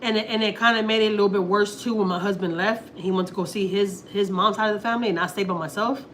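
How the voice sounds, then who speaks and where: A woman's voice: mid-range voice, steady tone, fast. A Houston woman in her thirties chats casually on a livestream, telling a rambling personal story. She acts out her own lines and her husband's as she goes, with a faint background hum. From Houston, Texas. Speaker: family vlogger on a livestream.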